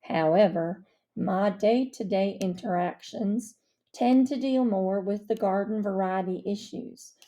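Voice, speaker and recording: A woman voicing a soft-spoken male minister in a storybook reading, calm and measured. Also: mid-range voice, natural voice. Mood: reflective.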